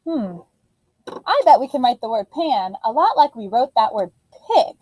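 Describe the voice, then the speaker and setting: Animated woman teaching small children. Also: on the high side, unhurried, breathy edge, no echo, rough recording. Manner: animated sing-song teacher voice addressing young children. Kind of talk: early-childhood phonics lesson.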